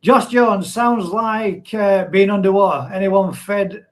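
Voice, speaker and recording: A man's voice: high voice, fairly even intonation, slow pace, poor audio. A middle-aged man hosting a casual live stream from home, reading viewer comments aloud and laughing often.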